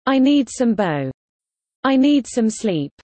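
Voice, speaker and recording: A woman reading example sentences for a slang lesson with a lively, bouncy delivery. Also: fairly high pitch, takes it slowly, dry recording. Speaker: teacher.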